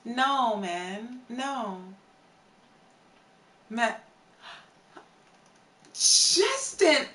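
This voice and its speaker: A woman live streamer telling a story in casual chat and answering her viewers, animated, with casual swearing. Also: mid-range voice, a little slow. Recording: roomy sound from a distance, faint background noise.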